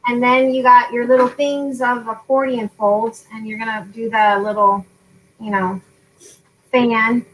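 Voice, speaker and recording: A woman's voice: fairly high pitch, level tone, measured pace, a bit bright, poor audio. A woman in her forties hosting a casual craft tutorial livestream, chatty and often laughing as she drifts off topic. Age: 40s. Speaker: craft channel host.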